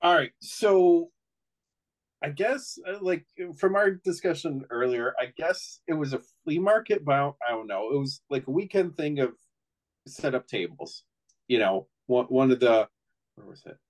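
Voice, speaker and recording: A man's voice: on the high side, expressive, moderate pace, poor audio. A middle-aged man on a casual chat show, rambling through an anecdote with many restarts. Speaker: co-host.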